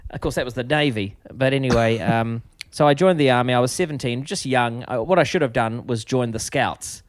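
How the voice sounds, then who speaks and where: A man's voice: mid-range voice, a little fast. Self-mocking New Zealand man telling stories. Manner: animated, self-mocking, frequent laughs and restarts. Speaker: podcast guest. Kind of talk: casual comic storytelling.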